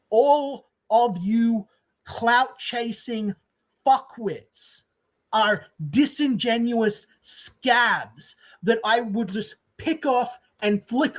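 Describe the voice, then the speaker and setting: A man ranting on a stream clip, contemptuous, profane and boastful. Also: very high voice. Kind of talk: ranting on a livestream.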